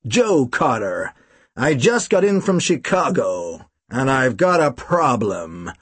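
A man voicing a drunk, gruff American man of about forty with an American accent, speaking in a slow growling drawl. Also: mid-range voice, big pitch swings, no echo, heavily acted. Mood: weary.

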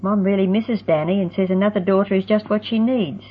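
A woman voicing an eager, bubbly teenage girl who talks in an excited rush. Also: mid-range voice, a little fast, slightly rough, close to an everyday voice. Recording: tinny phone-like sound.

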